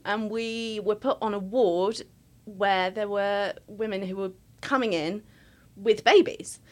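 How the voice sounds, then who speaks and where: A woman in her thirties, a podcast guest telling a personal story in casual chat, animated and full of laughs. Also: medium pitch, slow. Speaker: podcast guest, writer and performer.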